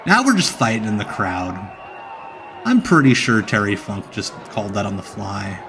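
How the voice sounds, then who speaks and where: A man's voice: lowish voice, huge pitch swings, normal speed, gravelly, crowd noise, noisy background. A young man hosting a live watch-along stream, joking and enthusing about the match. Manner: jokey, enthusiastic banter. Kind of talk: casual watch-along commentary.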